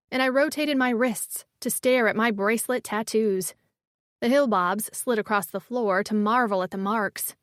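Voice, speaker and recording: Woman reading a romance audiobook, kinda high voice, slow intimate read, dry close mic. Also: dry recording. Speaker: audiobook narrator. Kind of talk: first-person audiobook narration.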